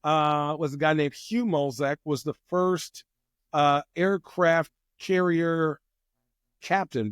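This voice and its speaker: A man chatting casually as an interview guest, telling lively stories and acting out what people said. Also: fairly high pitch, dry recording, studio quality. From United States. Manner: animated storyteller who acts out quotes. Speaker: guest, wine company president.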